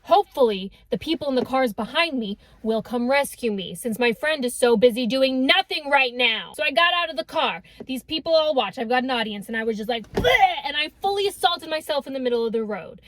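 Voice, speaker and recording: A woman's voice: high-pitched, animated, brisk, hardly any pauses, fairly bright tone, a little hiss or hum. A young woman telling a comedic storytime with sarcastic, dramatic delivery. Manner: sarcastic, dramatic quoted voices.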